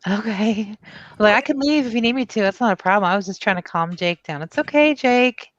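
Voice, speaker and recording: A woman on a livestream speaking in a soothing, calming way. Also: medium pitch, brisk, no room sound, lo-fi sound. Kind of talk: casual livestream chat.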